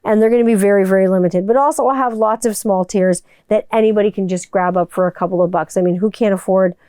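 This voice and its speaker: Swearing freely and looping through restarts, the podcast host delivers a candid, casual monologue. She talks quickly in a mid-range, dark, clean voice with fairly even intonation, recorded dry at studio quality through a studio microphone.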